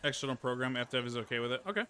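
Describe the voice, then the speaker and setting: A man's voice: medium pitch, very fast. A man streaming himself playing a game, thinking aloud in an easygoing, chatty way. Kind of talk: casual gameplay commentary. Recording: steady noise behind the voice.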